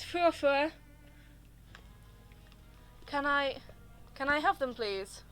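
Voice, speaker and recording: A woman chatting live over her gameplay, rambling and gushing as her thoughts wander. Her voice is a little high and swoops up and down, with faint music in the background. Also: animated, drawn-out words, pauses often, sharp tone. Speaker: streamer. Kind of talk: casual live-stream chat over gameplay.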